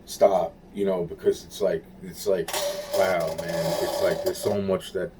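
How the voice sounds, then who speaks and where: A man's voice: sits low, level tone, a little slow, heavy background noise. A man talking in a rambling, repetitive monologue, swearing and searching for words.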